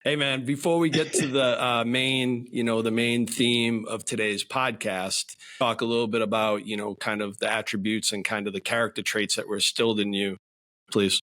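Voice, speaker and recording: A man's voice: on the low side, fairly even intonation, moderate pace, fairly bright tone. A middle-aged man with a New England accent hosting a podcast interview, upbeat and folksy, calling his guest "brother". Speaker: podcast host. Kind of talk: casual interview chat.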